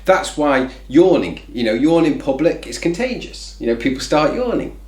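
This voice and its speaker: A man's voice: a little high, big pitch swings, moderate pace, darkish tone, echoey room. A man hosting a reflective faith talk, speaking conversationally with lots of "you know" fillers. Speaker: faith video host.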